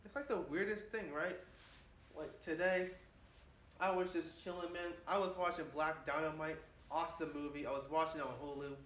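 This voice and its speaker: A man's voice: a little high, fairly even intonation, moderate pace, a bit bright. Boastful young man rambling, echoey room. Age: 20s. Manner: boastful, keeps saying "man". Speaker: vlogger. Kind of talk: rambling casual monologue. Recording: echoey room with faint hiss.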